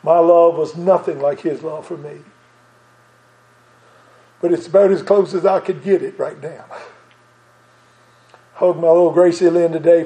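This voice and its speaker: A man's voice: a little high, warm tone, roomy sound, rough recording. A man preaching a sermon, tender and then fervent, with an occasional chuckle.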